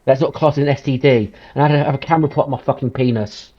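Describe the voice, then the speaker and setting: A man's voice: mid-range voice, steady tone, very fast. Angry ranting man, muffled. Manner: ranting, profane, emphatic. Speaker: podcast host. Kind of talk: heated commentary. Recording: slightly muffled lo-fi sound.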